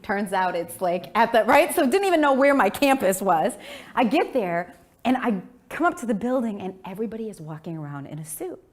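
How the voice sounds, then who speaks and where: A woman in her thirties giving a keynote speech, telling stories with animated delivery and acted-out family voices. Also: brisk. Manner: animated, acts out family voices with big pitch jumps. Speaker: keynote speaker. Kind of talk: storytelling speech.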